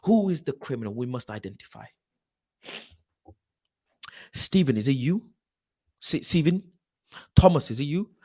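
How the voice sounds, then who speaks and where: A man hosts a football channel, ranting in a casual live stream. He swears, reads things aloud off a screen and keeps breaking into loud mock outrage. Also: mid-range voice, unhurried, long pauses. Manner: animated, exasperated, swearing, shouting in mock outrage.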